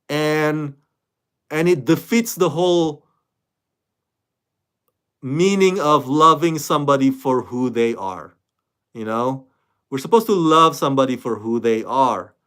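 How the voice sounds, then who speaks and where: A man hosting his own online reaction channel, talking casually to camera in a loose, animated way, with lots of fillers and restarts. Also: mid-range voice, clear, resonant tone. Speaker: YouTube reaction host.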